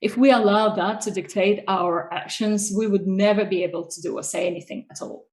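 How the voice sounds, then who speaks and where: A woman's voice: medium pitch, fairly even intonation, a little fast. A woman hosting an interview over a video call, explaining her views in an earnest manner. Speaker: host. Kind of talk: interview conversation.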